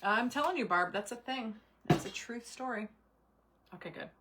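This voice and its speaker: A woman's voice: a little high, animated, moderate pace, noisy background. A middle-aged woman hosting a craft livestream, chatting with viewers by name while she works and muttering to herself as she concentrates. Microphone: camera mic at desk.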